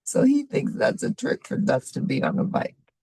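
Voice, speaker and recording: Woman storytime reader, middle-aged, low gravelly voice, unhurried, lively pitch. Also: no room sound, studio quality. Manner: warm asides to young listeners. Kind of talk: reading a picture book aloud to children.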